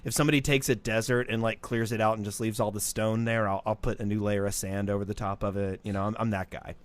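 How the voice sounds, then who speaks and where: A man with a fairly low voice talks through a casual podcast chat. He stumbles over his words and repeats himself as he rambles, relaxed and unscripted. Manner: rambling, halting restarts. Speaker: podcast co-host.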